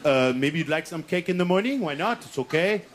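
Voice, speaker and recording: A man's voice: a little high, animated, a crowd in the background, pitched below the performer's own voice, close to an everyday voice. A man putting on a hammy French resistance farmer. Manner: hammy, deliberately poor fake French accent.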